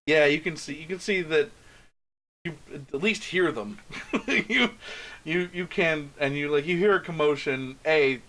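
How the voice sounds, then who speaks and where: A man narrating as game master in a tabletop game, relaxed and full of fillers. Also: a little high, unhurried. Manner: relaxed, filler-heavy description, laughs often.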